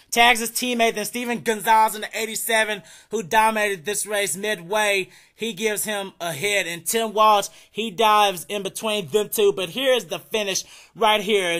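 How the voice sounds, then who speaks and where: A young man calls a simulated stock car race with excitable, rapid play-by-play commentary. His voice sits very high, with a sharp, bright edge. He hosts his own racing league coverage. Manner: excitable, shouting at the finish. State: out of breath.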